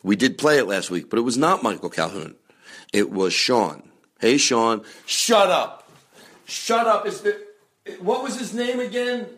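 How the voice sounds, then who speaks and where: Male comedy podcast host, mid-pitched, rambling and chatty, with sudden mock-angry, profane outbursts. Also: very animated, moderate pace. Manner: loud jokey bursts of mock anger, frequent swearing; chatty, with many fillers and restarts.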